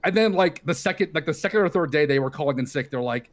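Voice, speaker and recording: A man's voice: high voice, big pitch swings, fast talker, hardly any pauses. A man telling a gaming story to friends in voice chat, exasperated and swearing.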